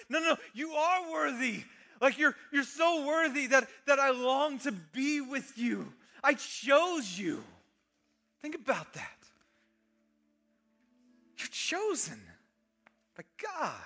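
A middle-aged man preaching an animated, conversational sermon, dropping at times to a soft near-whisper. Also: very high-pitched, slow. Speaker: pastor. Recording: long reverb of a large hall.

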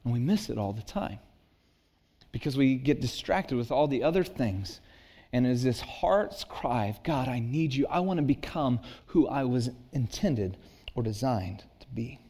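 A man's voice: mid-range voice, expressive, normal speed, warm tone, slightly rough. A man in his thirties preaching a sermon in an earnest, conversational way, climbing to emphatic peaks. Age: 30s. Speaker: pastor.

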